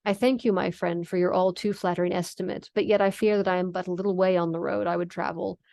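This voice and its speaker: A woman's voice: fairly low pitch, level tone, fast talker, creaky, a little mellow, dry recording, studio quality. A woman reading the lines of a formal, aristocratic old male vampire count in a stately, archaic manner. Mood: grave. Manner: stately, archaic read-aloud phrasing.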